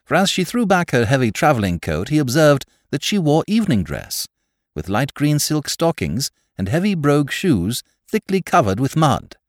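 A man narrating a classic novel as an audiobook, telling the story with expressive rises and falls. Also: fairly high pitch, normal speed, no room sound, studio quality. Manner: expressive storytelling, rising with excitement.

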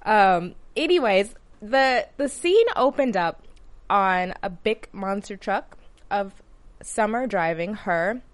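A woman's voice: fairly low pitch, no room sound. A woman from Alabama hosts a TV recap show, chatting in an upbeat, easygoing way and laughing easily. Her voice is recorded close and dry in a studio. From Alabama, USA. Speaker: host. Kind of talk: casual recap talk.

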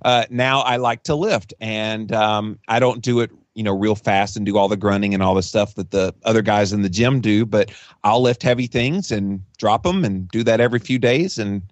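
A man's voice: on the low side, normal speed, no echo. A man being interviewed as a podcast guest and author, talking casually and rambling, with restarts. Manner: chatty, rambling with frequent restarts and laughs.

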